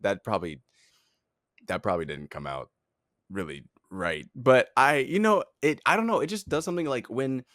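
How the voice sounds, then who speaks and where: A young man co-hosting a podcast, talking in an animated, rambling way with lots of fillers and laughs. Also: medium pitch, moderate pace, dry recording, studio quality. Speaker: podcast co-host, head of talent. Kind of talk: casual chat.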